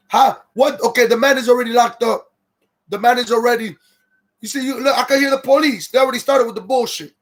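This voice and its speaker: A man with a fairly high voice talks straight to his livestream viewers in a loose, casual way. He circles back on the same phrases and greets people as they join. He turns heated and incredulous as he reacts. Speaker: livestream host.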